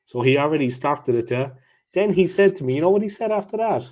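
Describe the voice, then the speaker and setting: Animated storyteller man. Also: a little high, quick pace. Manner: animated anecdote teller, checks in with "yeah?". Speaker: co-host. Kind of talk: casual football chat, storytelling.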